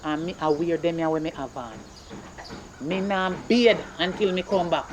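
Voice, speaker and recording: A performer playing a stern, broke Jamaican mother who scolds her son in rapid patois. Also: medium pitch, a little hiss or hum, lightly acted. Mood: scolding. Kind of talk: comedy skit acting.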